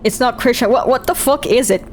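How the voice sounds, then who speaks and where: A woman's voice: high voice, slight background noise. A woman streamer who chats casually, swears freely and reads game text aloud. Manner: swears freely, rambling and incredulous.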